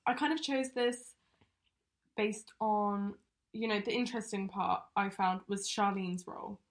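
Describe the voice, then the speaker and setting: Woman telling a true crime case on a podcast, chatty, lots of ums and you knows, middle pitched. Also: measured pace. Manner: chatty, many fillers like um and you know. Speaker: podcast co-host presenting the case.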